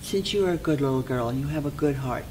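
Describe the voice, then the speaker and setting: A storyteller voicing a kindly magic old woman who speaks slowly and gently in a raised voice. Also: mid-range voice, slight background noise, close to an everyday voice. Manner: slow, gentle and soothing.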